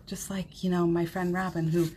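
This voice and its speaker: A woman hosting a live-streamed motivational podcast from home, chatting warmly, laughing often and reading viewer comments aloud. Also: fairly low pitch, flat delivery, normal speed, slight background noise. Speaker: podcast host. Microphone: streaming setup at home.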